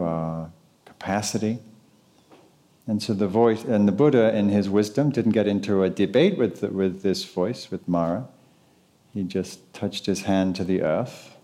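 Meditation teacher, male, low mellow voice, relaxed, questioning the room. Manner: conversational, asks the audience questions. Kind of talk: live dharma talk to an audience.

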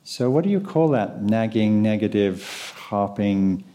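A man teaching meditation in a live talk, speaking in an unhurried, conversational way and often asking the audience questions. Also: fairly low pitch, lively intonation, mellow.

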